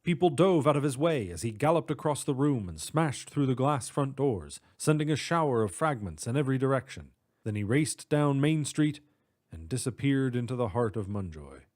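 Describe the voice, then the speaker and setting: Man narrating a storybook, steady. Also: medium pitch, moderate pace.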